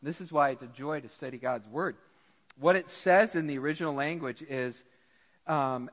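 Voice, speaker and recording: An American man preaching a sermon as pastor, animated and acting out characters in dialogue. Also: medium pitch, normal speed, long reverb tail, dull audio. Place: church.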